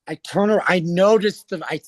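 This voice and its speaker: A Canadian drag performer telling a story with breathless, theatrical energy and acting out the voices in it. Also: male voice, high voice, fairly even intonation, a little fast, a little mellow, no echo. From Alberta, Canada. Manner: breathless, theatrical, acts out the voices in his stories. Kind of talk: animated storytelling.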